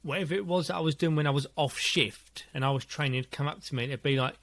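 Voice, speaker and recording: A man's voice: fairly high pitch, fast. A man, a personal trainer guest on a podcast, telling gym stories with plenty of swearing and laughter. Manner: swearing, animated storytelling with frequent laughs. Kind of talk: casual chat.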